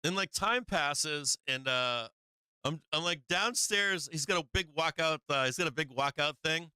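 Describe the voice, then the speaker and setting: A man with a piercing, bright voice and a smooth, clean tone tells a long story in a loose, rambling way. He swears freely, trips over his own words, and keeps circling back before getting to the point. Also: on the high side, expressive, moderate pace, dry recording. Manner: rambling, profane, repeats himself, chuckles often. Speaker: live-stream market show host. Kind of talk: casual anecdote telling.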